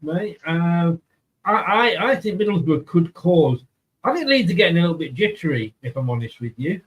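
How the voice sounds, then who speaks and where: A man's voice: fairly high pitch, animated, normal speed, husky, muffled recording. A man with an Australian accent hosting a casual fan chat, rambling and easygoing. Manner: rambling, easygoing, many fillers. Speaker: host.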